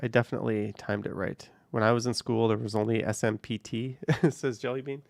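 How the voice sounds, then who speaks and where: A young man in a car chats casually with live-stream viewers, his voice gravelly with a bit of fry. The sound is close and dry. He reads out messages and answers in a relaxed, easygoing way. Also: mid-range voice, fairly quick, no echo. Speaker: live streamer reading chat. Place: car, driving around the city.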